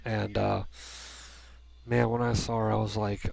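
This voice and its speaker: A man's voice: lowish voice, little pitch movement, a little slow, vocal fry, darkish tone, no echo. Rambling man reviewing a movie. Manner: rambling, with frequent restarts and fillers. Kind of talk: casual spoken review. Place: room at home by a heater.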